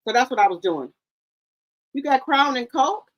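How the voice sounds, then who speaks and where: A woman's voice: high-pitched, animated, moderate pace, lo-fi sound. A woman hosting a casual livestream, chatting straight to her viewers in the chat. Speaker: livestream host. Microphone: headset or desk microphone.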